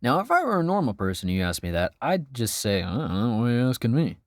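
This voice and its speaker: A man's voice: mid-range voice, wildly swooping pitch, fast, no room sound. A man narrating a scripted video game review with dry, sarcastic asides.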